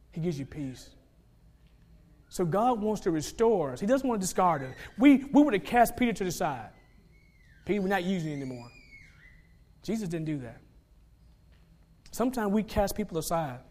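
A man preaching a sermon, swinging between soft, low asides and loud, rising exhortation, and acting out the people he quotes. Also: big pitch swings, normal speed, long pauses. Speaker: pastor.

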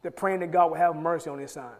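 A pastor with a high voice and fairly even intonation preaches a sermon, swinging from loud, urgent emphasis to low, quiet asides and repeating words in rapid bursts as he builds a point. His voice rings through a large hall with a long reverb tail.

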